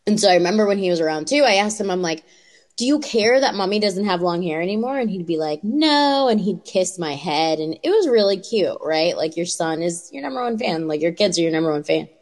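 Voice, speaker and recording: A woman telling a story in an animated way in casual podcast chat, often acting out voices. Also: on the low side, quick pace, few pauses. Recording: long reverb room.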